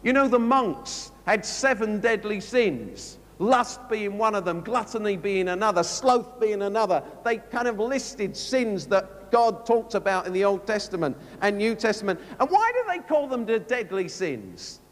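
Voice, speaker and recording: A man preaching a sermon, telling a story with lively storytelling and acting out both sides of a conversation. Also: high-pitched, measured pace, few pauses. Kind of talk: sermon anecdote. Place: large conference hall. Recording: long hall reverb from a live conference.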